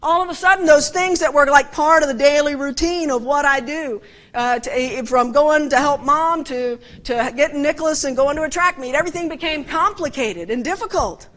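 A woman with a high, bright voice gives a conversational sermon at a moderate pace. Her preaching is animated and emphatic, and she keeps putting direct questions to her listeners.

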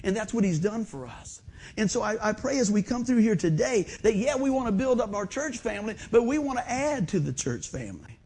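A middle-aged man, preaching a folksy, animated sermon in a church and asking the congregation questions. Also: high voice, fairly quick, husky. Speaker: pastor. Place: church sanctuary.

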